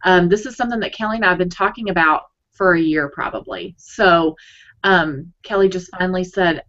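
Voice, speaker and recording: A woman's voice: fairly low pitch, fairly quick, fairly bright tone. A woman co-hosting a blogging webinar in a casual, upbeat, chatty way, often restarting her sentences. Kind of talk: casual live webinar chat. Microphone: video call. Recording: dull lo-fi video call audio.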